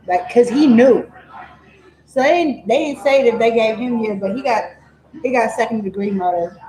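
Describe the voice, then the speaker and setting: A woman vlogger telling a true-crime story in a chatty, digressive way, full of animated asides. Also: fairly high pitch, roomy sound, poor audio.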